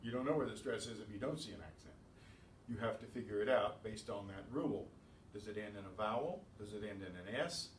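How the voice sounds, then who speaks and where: Fairly quick and lowish in pitch, a man's voice carries through an echoey room from a distant mic, with faint ambience and slight background noise. He's teaching a beginners' Spanish class, laying out rules methodically between chatty asides.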